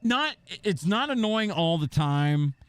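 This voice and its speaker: A young man streaming and chatting with viewers, telling stories in a profane, animated way and slipping into mocking impressions. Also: high-pitched, takes it slowly, clear, resonant tone, dry recording. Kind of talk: casual chat with stream viewers.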